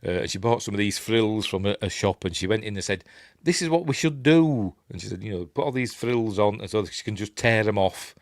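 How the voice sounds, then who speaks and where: With a steady, lowish voice, the Yorkshire-accented host moves fairly quickly through his relaxed film breakdown, pausing little. He rambles, chuckles, and acts out characters' lines in raised voices, recorded cleanly in a studio with no room sound.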